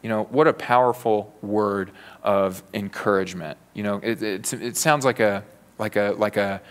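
A man's voice: lowish voice, steady tone, normal speed. A man preaching a sermon in an earnest, conversational way, often saying "you know".

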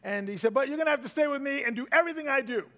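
A middle-aged man preaching a sermon, swinging from loud emphatic bursts to hushed asides. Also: extremely high pitch, rapid-fire. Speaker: pastor.

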